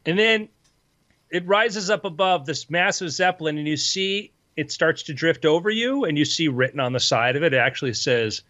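A man's voice: a little high, lively intonation, normal speed, bright, forceful tone, dull audio. A man narrating a tabletop game as game master, in a playful, descriptive way.

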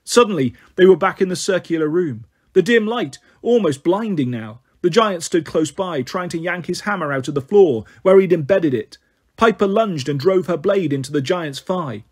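A man reads a fantasy story aloud at a steady storytelling pace. His voice is husky and sits a little high. He carries the action along plainly. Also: moderate pace. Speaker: narrator. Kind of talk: audiobook reading.

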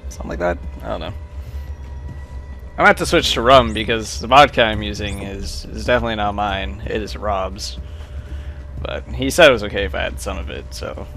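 A young man casually commenting while playing a game, tipsy from drinking and breaking into loud joking outbursts. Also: on the low side, moderate pace, vocal fry, a little hiss or hum. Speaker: gamer doing a let's play. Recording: game music playing behind.

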